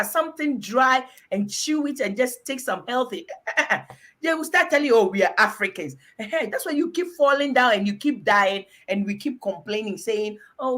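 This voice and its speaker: Animated woman giving advice. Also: high voice. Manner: animated and scolding, repeats words for emphasis. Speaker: health advice vlogger. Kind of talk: casual advice monologue.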